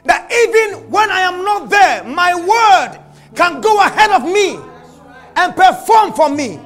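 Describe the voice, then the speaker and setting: Guy doing a savior hushing a storm, firm and commanding, high and lively, faint music behind. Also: unhurried, heavily acted. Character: calm commanding male savior rebuking a storm.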